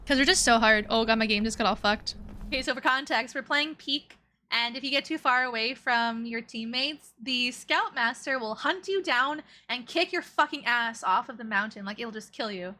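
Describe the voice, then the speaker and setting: A woman's voice: fairly high pitch, normal speed, sharp tone. A young woman streamer chatting casually as she reacts to old clips, giggling often and using playful baby talk.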